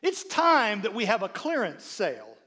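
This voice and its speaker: A man's voice: sits high, normal speed, breathy edge. A middle-aged man preaching a sermon, telling funny stories about his wife and acting out her lines, often repeating words as he builds up. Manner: animated, repeats words, acts out his wife's voice. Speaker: pastor. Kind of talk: sermon with humorous storytelling. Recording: long reverb of a large hall.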